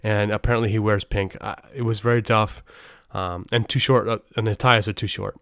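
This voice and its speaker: A man's voice: on the low side, fairly even intonation, brisk, fairly bright tone, no echo, studio quality. A middle-aged man hosting a podcast, telling stories in a rambling way with many restarts. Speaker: podcast host. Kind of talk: casual podcast storytelling.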